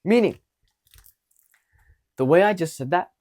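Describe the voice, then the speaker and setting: A young man coaching viewers on dating in a casual monologue, animated and blunt, with casual swearing. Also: on the high side, normal speed.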